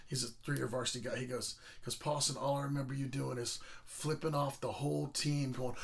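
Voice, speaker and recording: Gravelly, profane man telling stories. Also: medium pitch, brisk, hardly any pauses. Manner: rambling, profane, animated. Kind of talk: casual storytelling.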